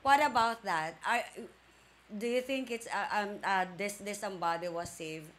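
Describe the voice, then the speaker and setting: A woman in the audience asking a question haltingly, searching for words. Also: mid-range voice, a bit bright. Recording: distant audience mic with faint room noise.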